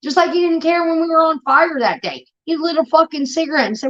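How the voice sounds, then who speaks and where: A woman's voice: sits high, fast. Profane woman ranting, lo-fi sound. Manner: profane, rambling, animated when retelling. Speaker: show host. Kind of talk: casual storytelling rant. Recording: dull lo-fi stream audio.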